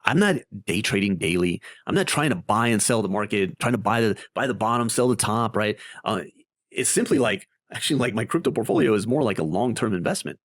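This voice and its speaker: A man explains his investing strategy on a screen-share in a lively, chatty way. His pitch swings widely as he talks, and the recording is dry and close, with no room sound. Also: a little fast, no echo. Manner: animated and conversational, with many tag questions. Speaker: crypto investing video host.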